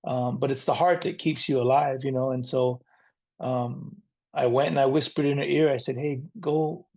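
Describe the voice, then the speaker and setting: A man's voice: medium pitch, fairly even intonation, normal speed, creaky, darkish tone, lo-fi sound. A middle-aged man from the San Diego area, a rock frontman telling his life story as an interview guest in an earnest, reflective way. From San Diego area, near the Mexican border. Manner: earnest, reflective, faith-centered.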